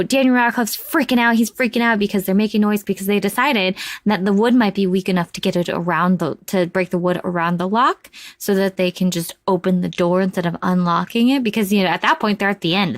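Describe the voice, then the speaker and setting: A woman talks through a movie review in a loose, rambling way, full of fillers. She gets animated as she retells scenes. Her voice sits at an ordinary middle pitch and sounds dry and close, with no room echo. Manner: rambling and chatty, with many fillers. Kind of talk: casual spoken movie review.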